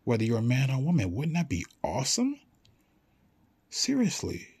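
Husky man in a casual motivational rant. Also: mid-range voice. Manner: animated, swears casually, acts out quick dialogues.

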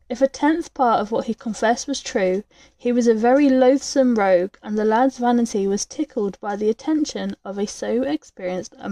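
A woman reading a classic story aloud in a measured, dramatic way as its storyteller. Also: fairly high pitch, warm tone, dry recording. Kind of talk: scripted story narration.

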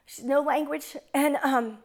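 A woman's voice: high voice, steady tone, a little slow. A woman in her forties telling a personal testimony to an audience in an earnest, fervent storytelling manner. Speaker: speaker sharing a testimony.

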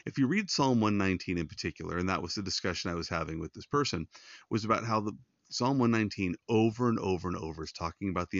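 Speaking in a low voice, a man hosts a devotional podcast, offering earnest, pastoral Bible teaching in a conversational way directly to his listeners. The audio is dull, with no room sound.

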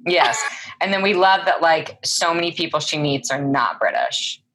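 Low-voiced young woman chatting animatedly. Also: normal speed, slight background noise. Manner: animated, swearing, lots of fillers. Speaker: podcast co-host. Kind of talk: casual chat.

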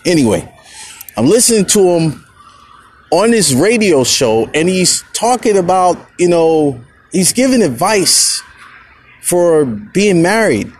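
Animated man ranting in casual talk. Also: slow, breathy edge. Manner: animated storytelling, swings from low mutters to heated outbursts. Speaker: podcast host. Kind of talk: casual solo monologue.

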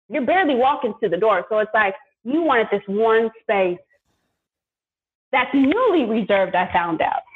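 A woman guest venting through an animated story in casual chat, with emphatic, colloquial asides. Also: fairly high pitch, breathy edge. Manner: emphatic, vents with colloquial asides and quoted exchanges. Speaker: podcast guest. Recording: phone-like, narrow sound.

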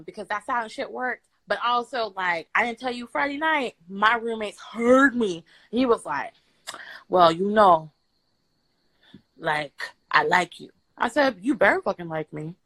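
A guest storyteller on a live stream tells a story in a brash, bright, mid-range voice, laughing, swearing and breaking into song. The audio is poor, captured by a phone on the live video stream, with no room sound.

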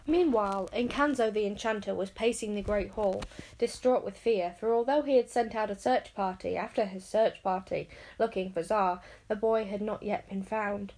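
Expressive woman reading a fantasy storybook. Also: medium pitch, normal speed, poor audio. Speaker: audiobook narrator. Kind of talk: storybook narration.

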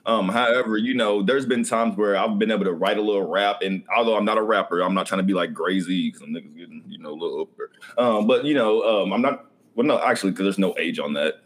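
A young Southern American man hosting a casual podcast, animated and joking, swearing freely as he talks. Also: fairly low pitch, quick pace. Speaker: podcast host.

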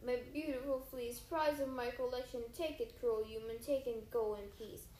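A woman's voice: on the high side, fairly even intonation, normal speed, dark tone, roomy sound, a little hiss or hum, lightly acted. A woman voicing a huge male Cyclops who sobs and pleads, then bellows threats, in a storybook reading. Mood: sniffling. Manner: sobbing pleas turning to bellowing threats.

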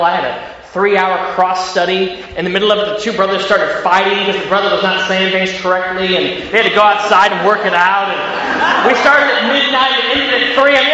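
A man in his late thirties from Ohio with a Midwestern country accent, preaching a sermon in a lively way with many fillers and repeated words. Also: high-pitched, noisy background. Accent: Ohio country American. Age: late 30s. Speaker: pastor. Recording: echoey hall, dull sound.

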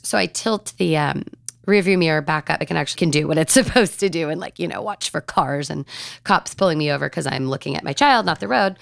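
A woman hosting a podcast, telling a personal story in an animated, chatty way. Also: on the low side, vocal fry, no room sound, studio quality. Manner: animated, chatty, acts out conversations. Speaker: podcast host.

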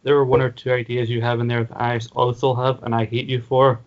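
Flat-voiced man on a dull podcast line. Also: medium pitch, fairly quick. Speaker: podcast co-host. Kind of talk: casual podcast chat. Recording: dull audio with faint noise.

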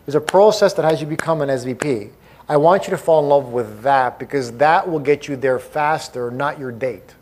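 A man quoting his calm male mentor, giving measured, low-key advice in a quieter and lower voice. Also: a little hiss or hum, natural voice.

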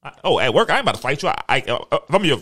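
A man's voice: medium pitch, very animated, rapid-fire, a bit bright, breathy edge. A man co-hosting a casual podcast chat, brash and boastful, often stammering and repeating his words. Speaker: podcast co-host.

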